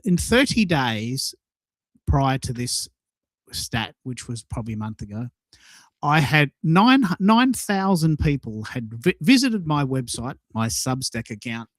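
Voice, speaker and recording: A man's voice: medium pitch, sing-song, measured pace, no room sound. Eager man, dry close sound. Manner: enthusiastic, repeats and restarts words. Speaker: podcast co-host. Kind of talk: casual chat.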